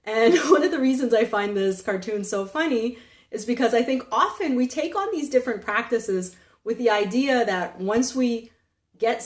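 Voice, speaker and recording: A woman, a meditation teacher, talks casually to her viewers with a gentle manner, laughing often and slowing down on key words. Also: medium pitch. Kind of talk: casual talk to camera. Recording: roomy echo.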